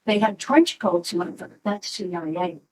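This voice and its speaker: A middle-aged woman, a mother, telling a halting, animated story at a memorial gathering. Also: medium pitch, slight background noise, low-quality recording. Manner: slow, halting, animated when quoting. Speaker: mother of the deceased.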